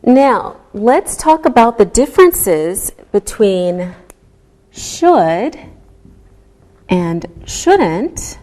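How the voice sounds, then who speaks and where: Slow, careful woman teacher. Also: medium pitch, sing-song, warm tone. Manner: slow, clearly enunciated teaching voice. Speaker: English teacher. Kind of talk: slow classroom instruction.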